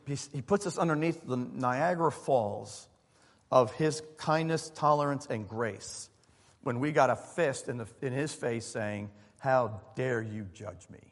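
Pastor, male, mid-pitched voice, easygoing conversational sermon, long hall echo. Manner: conversational preaching with fillers and asides to the congregation. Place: church sanctuary.

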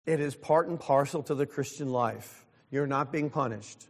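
A man's voice: medium pitch, moderate pace, big-room sound. A pastor in his sixties preaching a sermon, earnest and openly self-deprecating. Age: 60s.

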